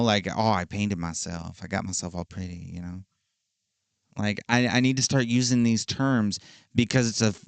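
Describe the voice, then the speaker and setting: A man in his thirties hosting a solo podcast, talking in a slow, drawn-out and self-affirming way, full of sassy slang and swearing. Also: medium pitch, smooth, no room sound. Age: 30s. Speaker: podcast host. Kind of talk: casual solo podcast monologue.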